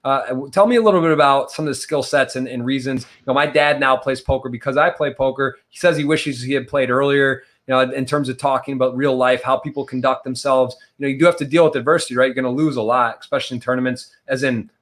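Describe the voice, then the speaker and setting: Male podcast host, mid-pitched, loose, rambling interviewer with frequent restarts. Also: steady tone, fast talker, few pauses, a bit bright. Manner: chatty, rambling questions with restarts. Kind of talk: casual interview.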